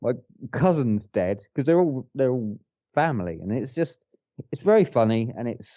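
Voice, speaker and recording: A man's voice: mid-range voice, sing-song, moderate pace, dry recording. Man, podcast co-host, enthusiastic, sweary, rambling, dull dry mic. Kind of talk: casual film review chat.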